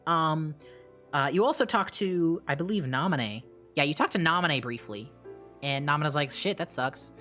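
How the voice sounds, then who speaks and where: A woman streamer casually retelling a story, animated and swearing, with quick asides and restarts. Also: low voice, soft background music.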